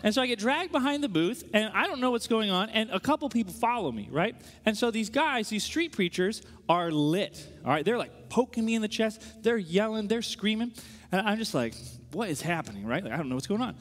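A man preaching as a pastor, telling a story in an animated, conversational way full of quick asides. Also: sits high, long reverb tail. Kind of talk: sermon storytelling.

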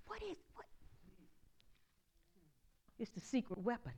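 High-voiced woman pastor preaching a sermon. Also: very animated, slow pace. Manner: preaching with call-and-response, swinging from soft asides to shouts.

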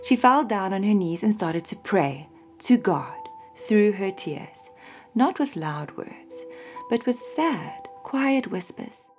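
A woman tells a Bible story to a young listener, her voice gentle and expressive. Her pitch moves in lively sweeps, and faint music plays behind her. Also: takes it slowly.

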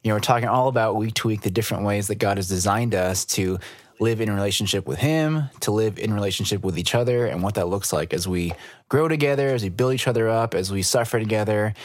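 An upbeat, joking man co-hosting a church podcast, speaking in a low voice. He keeps things light and casual. The recording is dry and close-miked. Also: fast talker, no echo. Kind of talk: casual chat.

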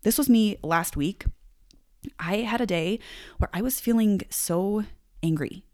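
A woman's voice: medium pitch, measured pace, a little mellow. A young adult woman giving a conversational self-help talk, reflective and acting out bits of inner dialogue.

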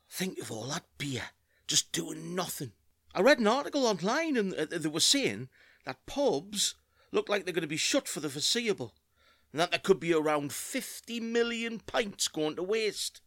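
A man playing an excitable, scheming pub regular in a comedy audio play. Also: high voice, measured pace, dry recording, studio quality, heavily acted. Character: scheming beer-loving British bloke, excitable.

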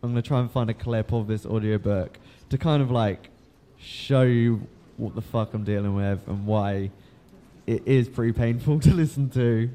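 A man's voice: mid-range voice, normal speed, warm tone. A man hosting a podcast in casual chat, rambling with lots of ums, laughing and swearing as he goes. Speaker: podcast host.

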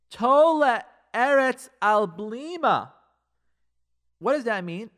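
Man, rabbi's radio Torah lecture, high voice, very lively pitch. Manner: rhetorical questions, quoting Hebrew and Aramaic sources; swings between loud emphasis and quiet asides. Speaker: rabbi giving a Torah class.

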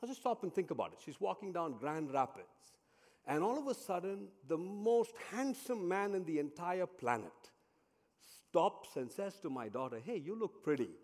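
Preacher with long hall reverb. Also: male voice, high voice, big pitch swings, moderate pace. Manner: dramatic storytelling preacher, swings between loud and hushed. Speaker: pastor. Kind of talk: sermon.

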